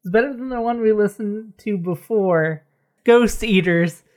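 A woman's voice: mid-range voice, a little slow, a little mellow. A woman co-hosting a podcast in casual chat, wry and chatty, often laughing as she talks. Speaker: podcast co-host.

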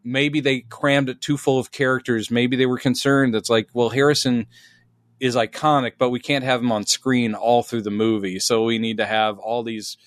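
A man co-hosting a podcast, chatting casually and telling stories with lively self-mocking humor. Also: mid-range voice, moderate pace, dry recording, clean studio sound. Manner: animated storyteller, laughs at himself. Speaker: podcast co-host. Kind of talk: casual chat.

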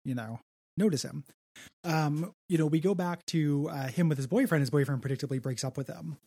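A man's voice: a little high, a little fast, a little mellow, breathy edge, no echo, studio quality. A man co-hosting a podcast, recapping a film in casual chat, joking and laughing often. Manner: laughing, joking, acts out quotes. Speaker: podcast co-host.

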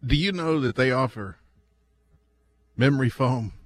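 A man co-hosting a radio show who drops dry one-liners into the conversation in a relaxed, joking way. His voice sits at a middle pitch. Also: unhurried. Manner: wisecracking, deadpan jokes. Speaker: radio co-host. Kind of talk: casual radio banter.

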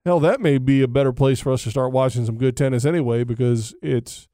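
A man's voice: mid-range voice, fairly quick, dark tone, no echo, studio quality. A man co-hosting a casual tennis podcast, joking and rambling in a self-mocking way. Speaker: podcast co-host. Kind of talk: casual chat.

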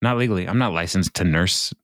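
Low-ish guy rambling thru a recap, chuckles a lot, dry close sound. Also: fast talker, a bit bright, dry recording. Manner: rambling retelling, chuckling often. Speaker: podcast co-host. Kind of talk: casual chat.

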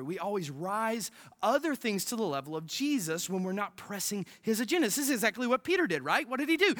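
A man's voice: very high-pitched, fairly bright tone. A man pastor preaching a sermon, emphatic and asking the congregation rhetorical questions.

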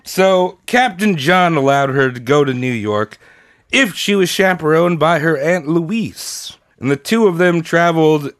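A man's voice: fairly high pitch, expressive, measured pace, no room sound, clean studio sound. A man hosting a podcast, telling a history story in casual, crude, jokey narration with fillers.

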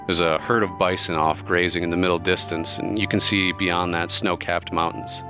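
A man's voice: deep voice, level tone, normal speed, over music. A man narrating a tabletop game as game master in a casual, loose way, with plenty of fillers.

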